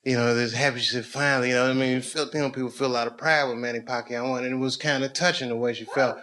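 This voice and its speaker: A middle-aged man doing stand-up storytelling on stage, loose and conversational, building to loud excited bursts. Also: medium pitch, racing. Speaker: stand-up comedian. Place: comedy stage with live audience. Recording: noisy live show recording. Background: audience laughter.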